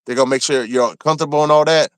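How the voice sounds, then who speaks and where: Maryland guy telling a rough story, fairly high voice, lots of cussing, dry close sound. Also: racing, no room sound. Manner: animated, profane, acts out quotes. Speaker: former inmate telling his story. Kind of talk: casual storytelling.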